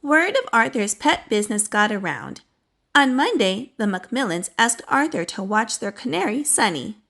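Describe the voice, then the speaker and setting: A woman reading a children's storybook aloud in a cheerful, expressive way, then signing off to young viewers. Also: fairly high pitch, moderate pace, gravelly. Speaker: children's book reader.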